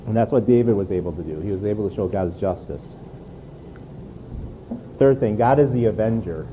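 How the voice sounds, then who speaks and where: A man's voice: lowish voice, lively intonation, normal speed, lo-fi sound, noisy background. A man preaching a sermon in an earnest, conversational way, often repeating words as he restarts. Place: church.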